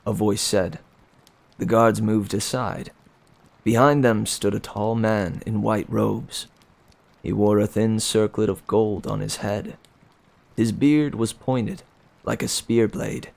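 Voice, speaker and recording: A man reading a novel aloud in plain, unhurried storytelling. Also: lowish voice, fairly even intonation, gravelly, darkish tone. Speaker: reader.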